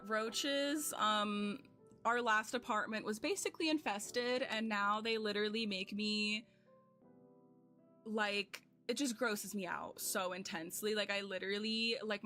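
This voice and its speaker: A young woman streamer games at home while chatting casually with her viewers, rambling, putting herself down, and using lots of fillers. Her medium-pitched voice is pushed and bright.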